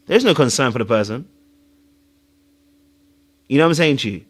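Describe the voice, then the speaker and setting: A man hosting a reality-show reaction video, talking excitedly, laughing and breaking into imitations as he comments. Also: mid-range voice, moderate pace. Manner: excitable, laughs, mimics voices mid-sentence.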